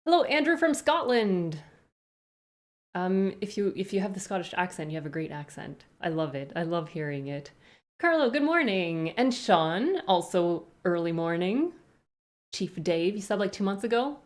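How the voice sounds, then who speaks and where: Woman, live-stream host, slightly low voice, rambling and chatty while greeting chat. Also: sing-song, normal speed. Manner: chatty, rambling asides, greets viewers one by one.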